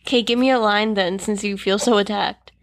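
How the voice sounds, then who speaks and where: A woman's voice: medium pitch, fairly even intonation, brisk. A woman co-hosting a podcast in casual chat, giggly and a little bashful. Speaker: podcast co-host.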